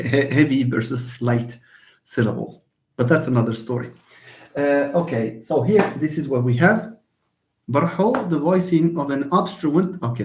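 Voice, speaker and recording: A man with a medium-pitched, darkish voice gives a university linguistics lecture reviewing phonology in an echoey room. He's hesitant, using many fillers and often restarting.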